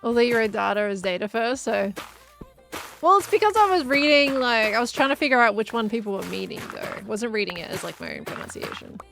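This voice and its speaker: A woman's voice: fairly high pitch, expressive, brisk, gravelly, fairly bright tone, soft background music. A young woman chatting casually while streaming a game, musing aloud and laughing often. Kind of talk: casual live-stream chat while gaming.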